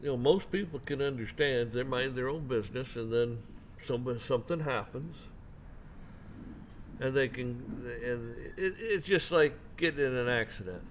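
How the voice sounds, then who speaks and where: A man rants his opinions in a loose, conversational way, often tripping over and repeating his words before getting them out. His voice sits at an ordinary middle pitch, with a faint hiss of noise under it. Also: moderate pace. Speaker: commentary channel host. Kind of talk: casual opinion rant.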